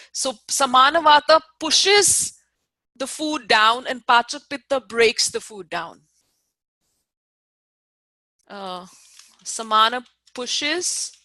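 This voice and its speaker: A woman's voice: fairly high pitch, pushed and bright, no room sound. A woman from India teaching an online lecture over a video call, explaining step by step, repeating key terms and checking that her students follow.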